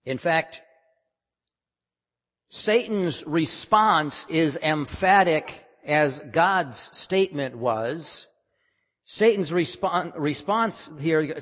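A man's voice: fairly high pitch, a bit bright. A man preaching a sermon, emphatic and often questioning the congregation. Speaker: pastor. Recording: long hall reverb.

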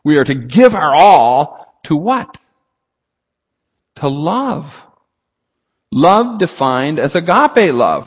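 A man's voice: a little high, very animated, slow, long pauses, breathy edge. A man preaching a sermon, emphatic and rhetorical, reading scripture aloud and asking the congregation questions. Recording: long hall reverb.

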